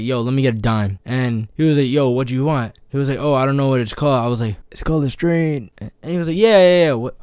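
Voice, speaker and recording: A young man tells a casual story in a vlog, acting out each person he quotes with quick jumps in his voice. His pitch sits in an ordinary middle range. The sound is dry and close. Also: smooth, dry recording. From New York. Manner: animated, acts out quotes with voice shifts and sound effects.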